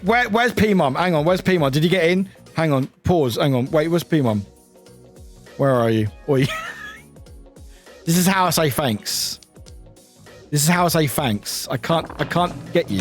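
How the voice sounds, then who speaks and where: A man casually chatting with viewers on a live stream, animated and chatty, laughing often and exclaiming loudly. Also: on the high side, measured pace, soft background music. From United Kingdom.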